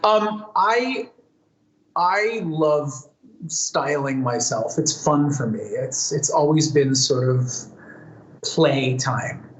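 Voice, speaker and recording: A man's voice: a little high, animated, slow pace. A man answering fan questions in a casual live Q&A, chatty and thoughtful, with plenty of fillers and restarts. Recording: roomy echo, faint ambience.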